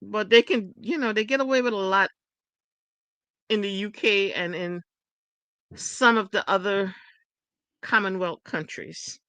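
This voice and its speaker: A woman's voice: mid-range voice, unhurried, pauses often, sharp tone, no room sound. A woman co-hosting a casual gossip chat, explaining in a matter-of-fact way. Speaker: co-host.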